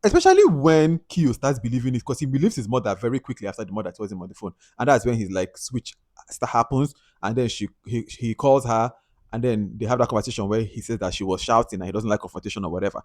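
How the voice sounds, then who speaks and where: Nigerian guy for a chatty movie-review vlog, quick talker, lively pitch. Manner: animated, chatty, laughs often. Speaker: film reviewer. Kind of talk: casual film review.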